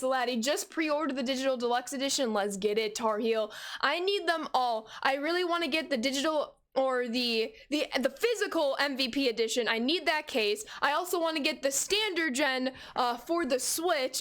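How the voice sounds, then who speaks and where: A woman's voice: fairly high pitch, a bit bright. A young woman in her twenties streaming a baseball video game, chatting casually and greeting viewers by name. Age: 20s. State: out of breath. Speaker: gaming streamer. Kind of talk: casual live-stream chat.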